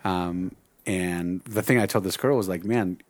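A man's voice: low-pitched, moderate pace, no room sound. A middle-aged man, a Bible teacher, talking earnestly in casual conversation and rambling with many restarts.

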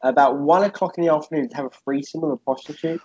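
A man's voice: a little high, quick pace, a little mellow, slightly rough, lo-fi sound. A young man telling a rambling story on a podcast, swearing and laughing often as he talks. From Britain. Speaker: podcast co-host.

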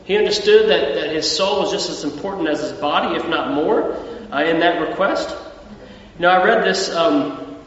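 Heard from far off in an echoey church hall with dull sound, an Australian man preaches as pastor in a conversational style. He repeats words and fills gaps often, his slightly bright voice on the high side at a moderate pace.

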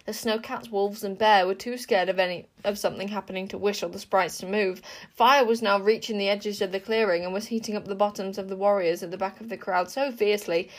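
A woman narrating a children's fantasy book aloud, lively and expressive, with chatty asides to the listener. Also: mid-range voice, brisk. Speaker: audiobook reader. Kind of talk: storybook narration.

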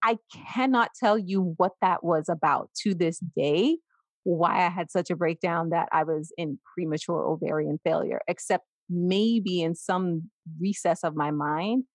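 A woman's voice: fairly low pitch, unhurried, dry recording. A woman in her forties co-hosting a podcast, telling stories in casual conversation and acting out the voices she quotes. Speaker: podcast co-host.

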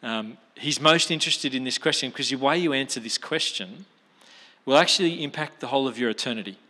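A man's voice: mid-range voice, fairly quick, pushed and bright. A man preaching a sermon in a chatty, storytelling way, with colloquial asides. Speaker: pastor. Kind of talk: expository sermon. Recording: long reverb of a large hall.

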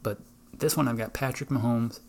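Gravelly man rambling casually. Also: mid-range voice, fairly even intonation, moderate pace, a little mellow, a little hiss or hum. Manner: rambling, profane, laughs at his own stories. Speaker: podcast host. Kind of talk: casual solo podcast chat.

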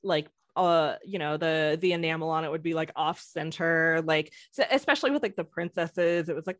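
A woman's voice: fairly low pitch, normal speed, no echo, studio quality. A woman telling stories as a guest on a casual podcast, rambling with many fillers and restarts. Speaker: guest, former theme park employee.

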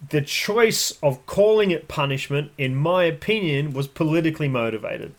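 A man's voice: on the high side, lively intonation, normal speed. A man hosting a podcast, explaining dog training in a blunt, emphatic way. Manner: blunt, emphatic, acts out voices. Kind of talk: casual explanatory podcast talk.

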